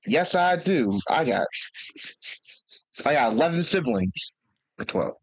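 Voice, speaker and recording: A man speaking in character in a tabletop game, loud and blunt. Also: mid-range voice, big pitch swings, slow, no echo. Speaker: player.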